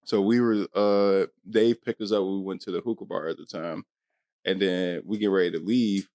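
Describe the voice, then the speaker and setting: A man tells a story on a podcast in a relaxed, slangy way. His voice sits low. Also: moderate pace. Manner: laid-back slangy storyteller. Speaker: podcast co-host. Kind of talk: casual chat.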